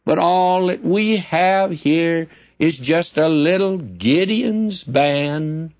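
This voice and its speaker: A man voicing a fussy, gushing elderly churchwoman in a high, sing-song tone, on a dull lo-fi recording. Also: takes it slowly, a little mellow, no room sound.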